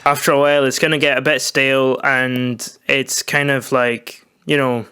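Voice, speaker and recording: A man co-hosting a podcast chats in an easygoing, jokey way. His voice is bright and crisp. It sounds clean and smooth. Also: mid-range voice, flat delivery, moderate pace. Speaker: podcast co-host. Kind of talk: casual podcast chat.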